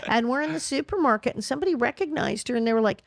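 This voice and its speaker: A woman in her sixties telling lively stories as a podcast guest, jumping up and down in pitch. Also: very fast, creaky, no room sound, clean studio sound. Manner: lively, expressive storyteller with frequent pitch jumps. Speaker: guest, former child actress. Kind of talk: animated interview storytelling.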